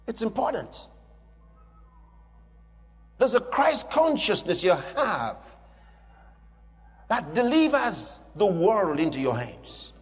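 A man's voice: sits high, sing-song, slow pace, pauses often, long reverb tail, faint music behind. A man preaching a sermon with emphatic, repetitive declarations.

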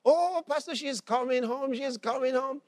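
A man preacher voicing an overjoyed middle-aged mother who gushes with excitement. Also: very high voice, brisk, no echo, pitched above the performer's own voice. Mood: excited. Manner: excited, gushing.

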